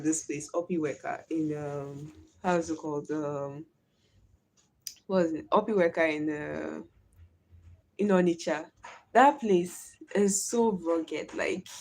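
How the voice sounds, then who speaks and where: A woman's voice: fairly low pitch, a little hiss or hum. A young Nigerian woman from Delta State with a Warri Pidgin accent, hosting a casual livestream chat and telling stories animatedly, slipping into Pidgin. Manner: animated storytelling, switches into Pidgin. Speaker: livestream host.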